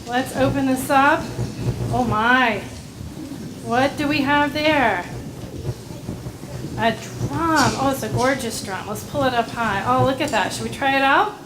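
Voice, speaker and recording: A woman gently telling a story to children during a church service. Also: high-pitched, slow pace, pauses often, noisy background. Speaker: director of religious education. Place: church sanctuary.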